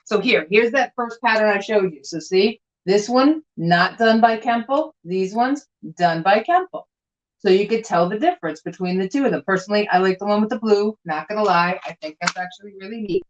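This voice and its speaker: Woman live seller, chatty and animated, slightly dull stream audio. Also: mid-range voice, fairly quick. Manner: chatty, animated, showing items to camera. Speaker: vintage glass seller and co-host. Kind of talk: casual live-stream chat.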